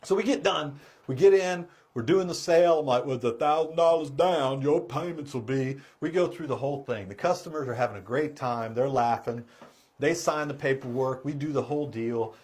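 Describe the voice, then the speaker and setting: A middle-aged man, a car sales trainer, telling a story in a casual, animated way and laughing as he goes. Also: medium pitch, brisk.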